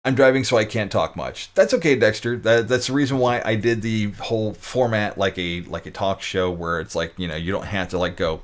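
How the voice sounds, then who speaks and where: Deep-voiced man rambling on a live stream. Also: expressive, a little fast, hardly any pauses. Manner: rambling, restarts, jokey asides to chat. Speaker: streamer hosting a talk show. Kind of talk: casual live-stream chat.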